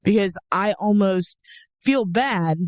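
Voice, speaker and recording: A woman's voice: medium pitch, slow, a little mellow, no room sound. Blunt, sarcastic young woman, mid-range voice, dry close recording. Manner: blunt, sarcastic, swears freely. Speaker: co-host of a dating advice show. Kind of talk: casual chat.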